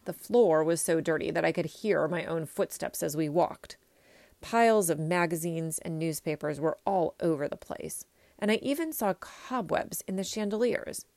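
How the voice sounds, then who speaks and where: A woman reading a children's story aloud in an expressive first-person way. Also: low-pitched, moderate pace, creaky, no room sound. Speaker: reader.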